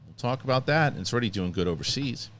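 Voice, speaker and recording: A man's voice: medium pitch, animated, fast talker, fairly bright tone, a little hiss or hum. A middle-aged man hosting a podcast in casual chat, joking and sarcastic. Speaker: podcast host.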